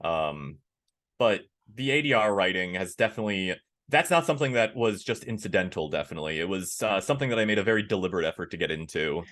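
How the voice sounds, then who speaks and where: A man, a voice actor, chatting casually in an interview, animated and candid, laughing easily. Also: quick pace. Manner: animated, acts out quoted lines with big pitch jumps. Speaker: voice actor guest.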